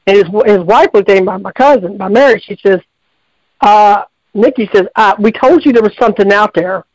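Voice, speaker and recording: High-voiced man rambling on a call-in. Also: brisk, darkish tone, no echo, dull audio. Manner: folksy, repetitive, lots of restarts. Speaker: radio show caller. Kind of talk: rambling casual storytelling.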